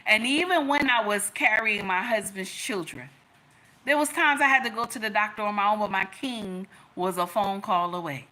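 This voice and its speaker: A woman's voice: medium pitch, moderate pace, sharp tone. A woman giving relationship advice through a personal story, emphatic, repeating lines and calling her listeners y'all and baby.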